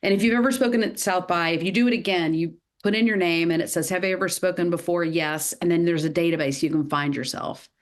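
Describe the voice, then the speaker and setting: A woman in her fifties with a Southern US accent, a podcast guest telling her career story in a lively way with many fillers. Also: fairly low pitch, fast, few pauses. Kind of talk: podcast interview.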